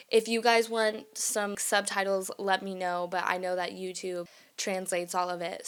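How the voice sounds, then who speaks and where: A woman in her twenties, with family from Mexico and a northern Mexican Spanish accent, hosts her own podcast in a casual solo monologue. Her medium-pitched voice sounds clean as she talks candidly and chattily, often checking in with "okay, guys?" and switching into Spanish and German.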